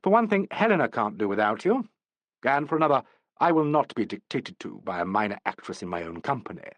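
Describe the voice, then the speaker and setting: A man's voice: medium pitch, very animated, brisk, a bit bright, no room sound. A man reading the part of a commanding, autocratic theatre actor-manager in a brusque tone.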